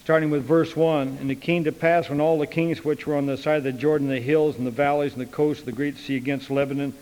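A folksy preacher man delivering a sermon, his voice sitting a little high for a man. He acts out each conversation he tells, and a long reverb from the hall trails behind his words. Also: flat delivery, fast, darkish tone.

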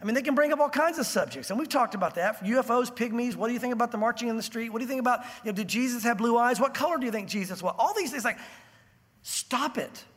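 A man preaching a sermon as a pastor, telling the story with animated acted-out voices. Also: very high voice, racing, hardly any pauses, breathy edge, in a large hall.

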